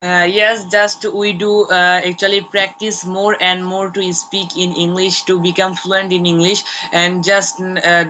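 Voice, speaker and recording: A student guest on a video call, speaking carefully and haltingly with frequent fillers. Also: medium pitch, flat delivery, sharp tone, a little hiss or hum, low-quality recording. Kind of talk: casual conversation practice.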